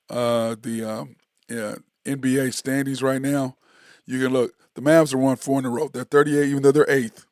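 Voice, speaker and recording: A man's voice: mid-range voice, no echo, clean studio sound. A man hosting a solo sports talk show, rambling and sarcastic, full of fillers and restarts.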